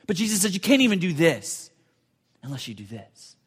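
A man preaching a sermon with a slightly higher than usual voice. He talks earnestly, repeats and restarts his phrases, and sometimes sinks to a near whisper to drive a point home. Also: sing-song, moderate pace, breathy edge. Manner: earnest, repetitive preaching with many restarts and dramatic drops to a hush. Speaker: pastor.

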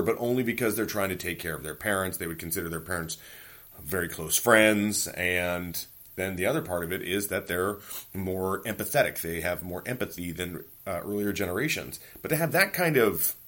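A man in his forties hosting a podcast, talking in a casual, profane, ranting monologue and telling stories from home. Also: on the low side. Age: 40s. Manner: profane, ranting, animated storytelling. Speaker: podcast host.

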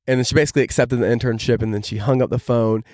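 A man's voice: mid-range voice, steady tone, rapid-fire, darkish tone, dry recording, clean studio sound. A young man hosting a podcast, telling a story in a casual, enthusiastic way and filling his talk with "like". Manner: enthusiastic, heavy use of "like" fillers. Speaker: podcast host.

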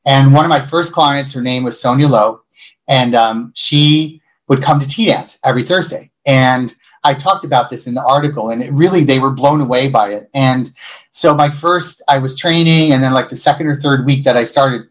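Interview guest, male, from Buffalo, animated storyteller, conversational. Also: mid-range voice, moderate pace, low-quality recording. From Buffalo, New York. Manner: animated storyteller who acts out quoted voices. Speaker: interview guest, hospitality leader.

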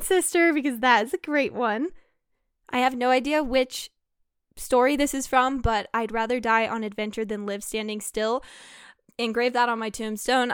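Young woman, podcast host, bubbly, giggly, casual chat, smooth clear voice, dry close recording. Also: a little high, dry recording. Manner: bubbly, giggly, quick asides. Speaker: podcast host and shop owner. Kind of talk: casual chat, reading listener answers.

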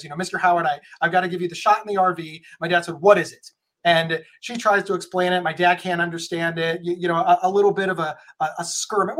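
Guy with a high voice, earnest emphatic advice, keeps restarting his sentences. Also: fairly bright tone. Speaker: guest speaker on mental health. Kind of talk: conversational advice.

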